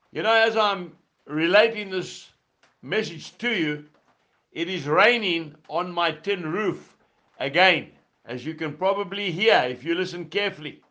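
A man's voice: on the high side, pushed and bright. A man preaching a heartfelt, earnest sermon, recorded indoors under a tin roof with rain falling.

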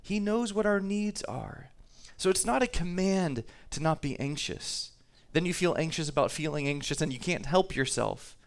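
Conversational preacher with a smooth voice. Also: male voice, a little high, lively intonation, moderate pace, hardly any pauses. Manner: conversational preaching, reads scripture aloud, repeats words. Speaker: pastor. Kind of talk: sermon.

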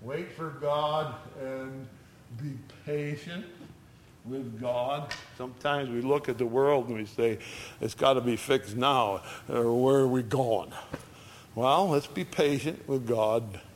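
Slow, conversational male preacher. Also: mid-range voice, a little hiss or hum. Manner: conversational preaching, voices scripture with rising emphasis. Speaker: pastor. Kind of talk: sermon.

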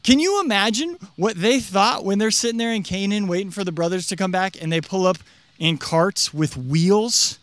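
The young man's voice is high and a bit bright, at a moderate pace with no echo, as he preaches a casual sermon as a pastor. Conversational and chatty, he fills his speech with fillers and gives quoted lines their own character voices.

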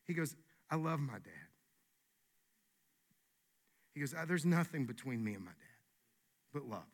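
A man, a pastor, preaching a sermon in an animated, emphatic way, often restarting his words. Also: mid-range voice, a little slow, creaky.

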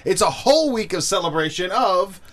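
Lively teasing male producer. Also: sits high, normal speed. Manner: teasing, playful. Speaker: podcast producer. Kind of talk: casual podcast chat.

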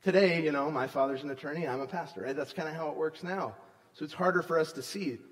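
A man preaching a sermon as pastor, emphatic, often checking in with "right?" and swinging between loud stresses and soft, low asides. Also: fast talker. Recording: long reverb of a large hall.

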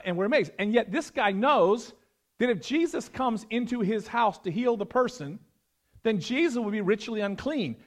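A male pastor preaching a sermon, animated, swinging between loud emphasis and hushed, prayerful tones. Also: high-pitched.

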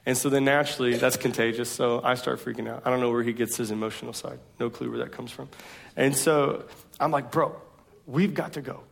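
A man's voice: medium pitch, fairly even intonation, a little fast, vocal fry. A man in his thirties preaching a sermon, telling self-deprecating stories in a casual, slangy way. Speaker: pastor.

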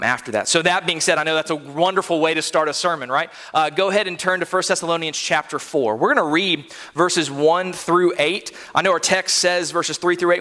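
A man's voice: fairly high pitch, bright, forceful tone. A man in his thirties preaching a sermon in a church, earnest and conversational, with frequent fillers and restarts. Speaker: pastor. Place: church sanctuary. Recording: long hall reverb.

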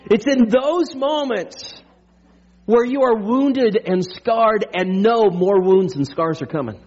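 A man with a notably high voice preaching a sermon to his congregation. He talks in an energetic, chatty way, throwing in jokes and quick "right?" checks. The recording sounds dull and lo-fi. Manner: energetic and conversational, with frequent "right?" asides; playful humor and pop-culture jokes. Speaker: pastor.

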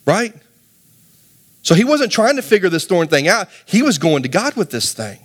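A male pastor delivering a sermon in a fairly high voice. He preaches with animated energy, climbing to emphatic peaks and putting rhetorical questions to his listeners. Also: moderate pace. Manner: addresses the congregation directly with rhetorical questions.

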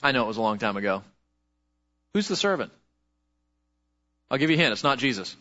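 A man preaching a sermon as pastor, lively and conversational, asking the congregation questions. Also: mid-range voice, a little fast, dull audio.

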